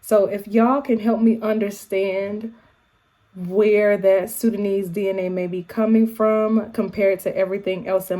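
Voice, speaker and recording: A medium-pitched woman from the United States, speaking with an African American English accent, chats casually to her viewers as a YouTube vlogger. She's animated and full of quick asides and shout-outs.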